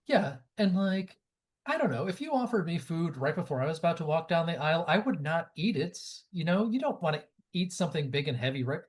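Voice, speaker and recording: A man's voice: a little high, lively intonation, fairly quick, breathy edge. A man in his forties co-hosting a podcast in casual chat, tossing in trivia asides with a chuckle. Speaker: podcast co-host.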